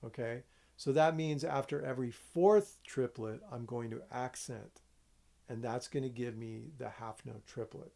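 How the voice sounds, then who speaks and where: A man's voice: medium pitch, steady tone, unhurried, vocal fry, dark tone. A man teaching a music lesson, explaining rhythm step by step, counting aloud and checking in with his students.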